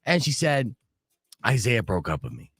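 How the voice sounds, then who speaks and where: A middle-aged man from Arizona hosting a radio show, telling a long story in a casual, animated way and acting out what people said. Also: mid-range voice, normal speed, slightly rough, dry recording. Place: radio studio.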